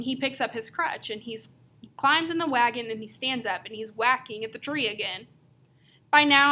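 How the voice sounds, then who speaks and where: Bright-voiced woman reading a novel aloud. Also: fairly high pitch, slight background noise. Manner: lively storytelling with varied emphasis. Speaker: reader.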